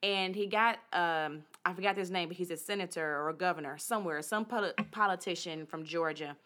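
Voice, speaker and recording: A woman co-hosting a casual talk show, retelling stories in a chatty, animated way. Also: lowish voice, a little fast. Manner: chatty storyteller, acts out quotes. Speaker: podcast co-host. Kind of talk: casual chat.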